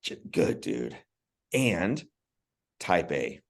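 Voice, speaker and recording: Speaking extremely slowly in a low voice with big pitch swings, this man shares a personal story as a podcast guest. He's earnest and emotional, frequently repeating words as he starts over.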